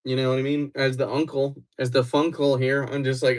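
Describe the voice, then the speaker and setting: A man hosting a casual livestream, playfully teasing his viewers and quickly getting worked up as he chats with them. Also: mid-range voice, monotone, darkish tone.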